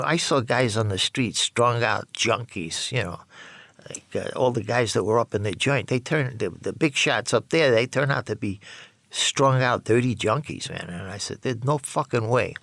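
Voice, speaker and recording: Gravelly, profane New man. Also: mid-range voice, lively intonation, moderate pace, fairly bright tone, no echo. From New York. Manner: blunt, profane street talk, acts out quoted voices. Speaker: storyteller recounting his past. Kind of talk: candid spoken memoir.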